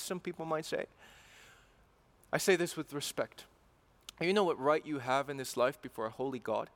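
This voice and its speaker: A man's voice: high-pitched, a little slow, a bit bright. A man preaching a sermon in an earnest way, repeating phrases and building to emphatic passion.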